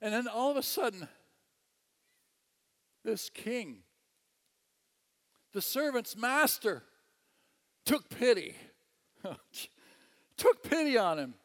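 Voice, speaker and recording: A man preaching a sermon, telling a story with animated delivery, chuckling and repeating phrases. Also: high voice, slow, pauses often, in a large hall.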